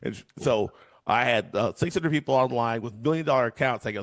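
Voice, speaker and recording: Middle-aged male guest, chatty storyteller, animated, loose and filler-heavy. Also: medium pitch, a little fast. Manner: animated, acts out voices, many fillers. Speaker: guest, trading educator. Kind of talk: storytelling in an interview.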